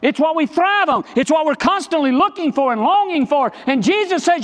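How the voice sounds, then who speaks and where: A high-pitched male pastor delivers a sermon with emphatic, repeated phrases and pointed questions to the congregation. His voice rings out in a large church sanctuary, trailing a long reverb. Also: lively intonation, a little fast, hardly any pauses. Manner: emphatic, repetitive preaching with direct questions.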